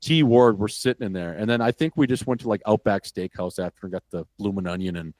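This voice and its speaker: A former hockey player from Wisconsin, appearing as a podcast guest, tells a story in a casual, animated and profane way. His voice is on the low side and fast, with no echo.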